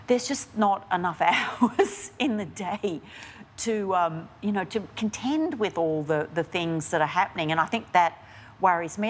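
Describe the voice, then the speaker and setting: There's a bit of hiss or hum behind this fairly low female voice. The speaker, an Australian investigative journalist on as a guest, responds to interview questions candidly and with energy, frequently restarting and dropping in fillers.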